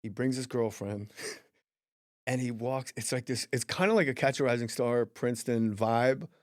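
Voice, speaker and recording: A middle-aged man hosting a podcast, telling stories in a casual, profane, animated way on a close studio mic. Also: mid-range voice, normal speed, dry recording. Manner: profane, animated storyteller who acts out voices. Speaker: podcast host. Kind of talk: casual storytelling chat.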